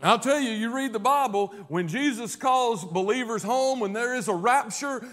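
A male pastor preaching a sermon, swinging from loud emphatic declarations to hushed, low passages. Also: moderate pace, hardly any pauses.

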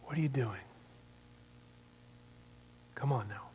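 A man voicing Jesus as a compassionate figure who speaks in a soft, hushed, almost whispered tone. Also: medium pitch, steady tone, normal speed, husky, voice pushed down, rough recording. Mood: gentle.

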